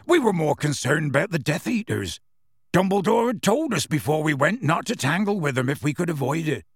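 A big, warm-hearted half-giant gamekeeper, as a male audiobook reader puts him on, spinning his tale in rough dialect with clear relish. The voice is gravelly and husky, and it rises and falls with lively pitch. It sits close and dry. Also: fairly quick, no echo, exaggerated voice. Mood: gruff storytelling. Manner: rough dialect speech, dropped sounds, storytelling relish. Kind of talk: audiobook character reading.

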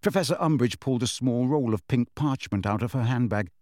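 A man reading a novel aloud as audiobook narration, in measured, expressive storytelling. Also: medium pitch, no room sound, studio quality. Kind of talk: scripted narration.

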